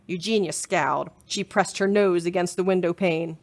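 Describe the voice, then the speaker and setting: A woman librarian reading a children's chapter book aloud in an expressive storytelling manner. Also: lowish voice, moderate pace, hardly any pauses.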